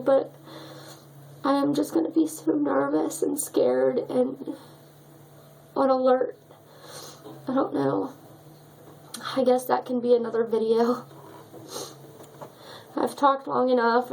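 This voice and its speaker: A woman's voice: a little high, vocal fry, a little mellow, low-quality recording. A young woman telling a personal story in a vlog, emotional and choked up as she talks. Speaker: vlogger.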